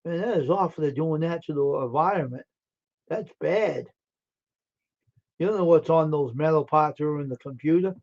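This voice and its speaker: A man's voice: a little high, normal speed, vocal fry, darkish tone. Tired man chatting on a live stream. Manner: chatty, answering chat messages aloud. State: tired, yawning. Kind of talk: casual live-stream chat with viewers. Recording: dull lo-fi stream audio.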